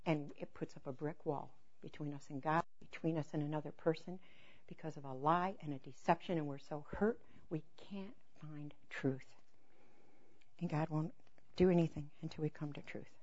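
A woman preaching a sermon through personal stories, acting out dialogue with laughter, then dropping to a soft, intense hush on key points. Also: deep voice, fairly even intonation, brisk, dull audio.

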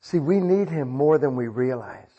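Husky older pastor, conversational preaching. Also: male voice, medium pitch, animated, moderate pace, muffled recording. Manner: conversational preaching with rhetorical questions. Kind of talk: sermon.

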